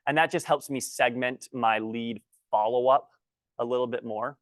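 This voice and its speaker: A man's voice: medium pitch, fairly even intonation, no echo. Slightly breathless male workshop trainer. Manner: halting, restarts sentences often; writes on a board while talking. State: a little out of breath. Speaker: guest trainer. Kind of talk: teaching a workshop.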